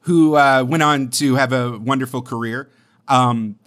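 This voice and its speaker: A young adult man co-hosting a casual podcast, telling stories in an animated, rambling way. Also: mid-range voice, unhurried. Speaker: podcast co-host.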